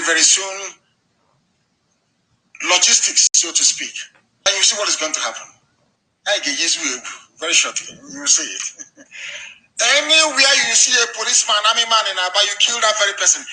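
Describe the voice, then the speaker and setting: A man giving a live broadcast address, talking in a commanding, forceful way and repeating short orders, his voice not fully recovered from illness. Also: fairly high pitch, roomy sound, rough recording. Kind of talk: live online radio address.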